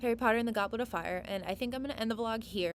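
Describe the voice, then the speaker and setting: A woman's voice: a little high, rapid-fire, a little hiss or hum. A woman chatting casually to camera from a small windowless bedroom as a book vlogger, full of "um" and "like" fillers.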